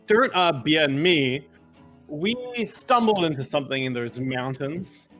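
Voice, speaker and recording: A man's voice: on the high side, expressive, a little slow, a bit bright, faint music behind. A man taking part in a tabletop game as a player, talking in a brash, jokey way and laughing a lot. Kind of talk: tabletop game play, casual chat.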